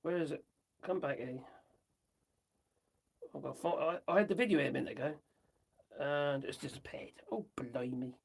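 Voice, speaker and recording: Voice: mid-range voice, normal speed, vocal fry, long pauses, a little hiss or hum. A host chatting loosely on a livestream, rambling, giggling and muttering while reading off a phone. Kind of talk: casual livestream chat reacting to viewers.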